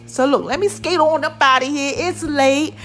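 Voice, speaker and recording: A middle-aged woman hosting a casual podcast, animated and preachy, calling her listeners "babies" and "y'all". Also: sits high, moderate pace, soft background music. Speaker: podcast host. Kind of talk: casual encouraging podcast talk.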